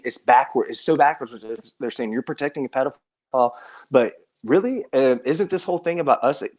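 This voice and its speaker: On a live stream, a man with a medium-pitched, slightly mellow voice talks casually as he defends himself. He's earnest and exasperated, stumbling over restarts and repeated words.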